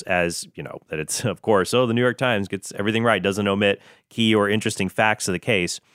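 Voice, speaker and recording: Smooth, dry-voiced male commentary host. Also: fairly low pitch, a bit bright, dry recording. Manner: earnest, explanatory, with bursts of sarcasm and mock British impressions. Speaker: Catholic apologetics show host. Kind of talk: solo commentary show.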